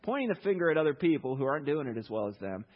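A man's voice: on the high side, big pitch swings, rapid-fire. A man preaching a sermon in a conversational way, full of sarcastic asides and fillers, in a church hall. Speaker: pastor. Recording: echoey hall, dull lo-fi sound.

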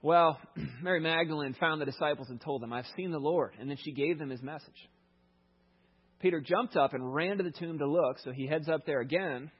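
A man's voice: a little high, fairly quick, slightly rough, muffled recording. A man preacher giving a sermon, retelling a Bible story in a conversational way with lots of asides.

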